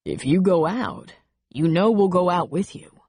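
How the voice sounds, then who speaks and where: A woman voicing a cocky male airline first officer who speaks in a calm, lazy drawl and brushes off criticism. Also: fairly low pitch, unhurried, slightly rough, no echo, studio quality, full character voice. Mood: seductive.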